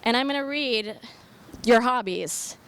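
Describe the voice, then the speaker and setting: A woman's voice: on the high side, measured pace, a bit bright, clean tone. A woman interviewing guests in a bar, asking upbeat, playful questions. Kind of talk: casual interview.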